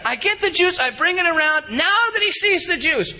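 A man in his thirties preaching a sermon in an animated, repetitive style, acting out little stories from home. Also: extremely high pitch, measured pace, a little hiss or hum. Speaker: pastor.

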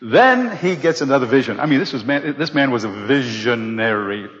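A middle-aged man telling a personal testimony to a live audience, animated and acting out the voices of the people in his story. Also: mid-range voice, normal speed. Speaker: speaker giving a personal testimony. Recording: dull recording in a large reverberant hall.

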